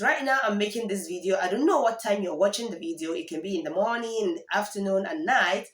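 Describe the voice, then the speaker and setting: A woman teaching a spoken language lesson, saying each phrase slowly and repeating it for learners. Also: medium pitch, echoey room.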